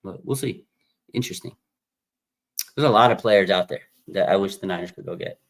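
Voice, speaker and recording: A man's voice: low-pitched, fairly quick. Laid-back man hosting a fan livestream. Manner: laid-back, thinking aloud with fillers. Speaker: livestream host. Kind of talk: casual live chat reading comments.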